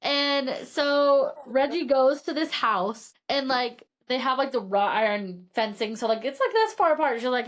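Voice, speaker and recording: High-voiced woman retelling a book. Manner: animated retelling with quick voiced asides. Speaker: podcast co-host. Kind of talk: casual book chat.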